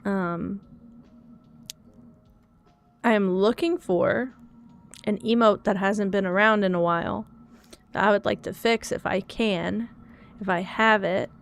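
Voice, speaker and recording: Speaking slowly with long pauses, a young woman streamer has a medium-pitched, creaky voice and fairly even intonation. In a casual live-stream chat she works through her troubles, frustrated and self-critical.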